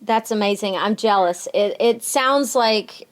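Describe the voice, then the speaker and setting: A woman hosting a casual podcast interview, friendly and encouraging with her guest. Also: mid-range voice. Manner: friendly, encouraging, quick to laugh. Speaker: podcast host.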